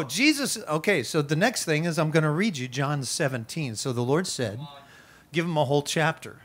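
Man, pastor, high voice, casual energetic sermon, playful asides, outdoor park service. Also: moderate pace. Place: outdoor worship gathering in a park.

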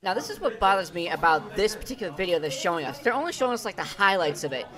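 A woman's voice: on the low side, expressive, quick pace, a bit bright. A woman hosting a reaction video, giving blunt, profane, sarcastic commentary on clips.

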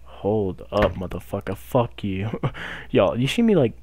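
A man's voice: on the low side, animated, unhurried, slight background noise. Hyped, foul-mouthed young man gaming. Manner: loud, hyped, swears constantly, talks to the game. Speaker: gaming YouTuber. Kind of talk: profane gameplay commentary.

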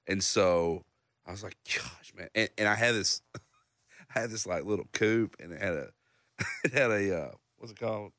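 A songwriter in his thirties telling a story in casual chat, acting out other people's lines in a loud, high voice. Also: normal speed, dry recording. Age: 30s. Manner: animated storyteller, acts out loud high-pitched quotes of others. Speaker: songwriter guest.

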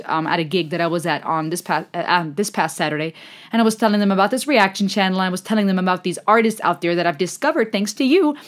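A young woman running a music reaction channel speaks directly to her viewers in her vlog, gushing with excitement, thinking out loud and laughing a lot. Her voice sits in the middle range.

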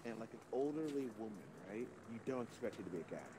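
A man's voice: medium pitch, animated, quick pace. Twenties guy streaming games, rambling story, laughy, bouncy voice, noisy mic. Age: 20s. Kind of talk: casual chat while gaming.

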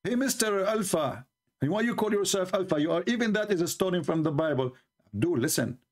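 A taunting, combative man hosts a live-stream polemic. His voice sits a little high for a man, and he keeps chuckling at his own jabs. His English grammar is non-native and rough. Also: animated, fairly quick. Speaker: debate show host.

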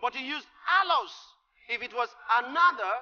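A man preaching a sermon, explaining scripture with emphatic delivery that rises to shouts. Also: very high-pitched, animated, moderate pace. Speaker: pastor. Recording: lo-fi recording with long hall reverb.

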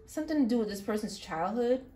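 Woman tarot reader, halting, repeats herself, faint music behind. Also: fairly high pitch, expressive, dark tone. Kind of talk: intuitive tarot reading.

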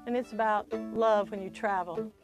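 A woman's voice: medium pitch, fairly even intonation, normal speed, over music. A woman from Virginia, a singer-songwriter hosting her show, who tells stories between songs in a chatty, rambling way and laughs easily. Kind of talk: casual storytelling between songs. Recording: ukulele playing behind the voice.

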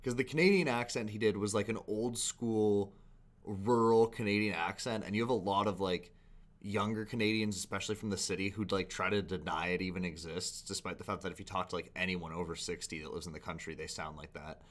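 A man's voice: sits low, steady tone, fairly quick. A man hosting a reaction video, talking casually with rambling asides and frequent laughs. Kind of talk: casual commentary.

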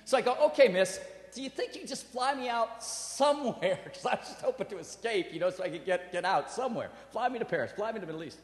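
Animated preacher in an echoing hall. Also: male voice, high-pitched, fast. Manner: animated, storytelling with acted quotes and laughter. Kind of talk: sermon with personal story. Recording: roomy hall with long reverb.

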